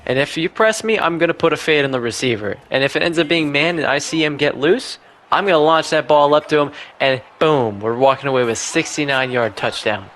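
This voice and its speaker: A man's voice: on the high side, fairly quick, fairly bright tone, slight background noise. A young man giving casual, self-deprecating play-by-play commentary over his football video game match. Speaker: gaming YouTuber.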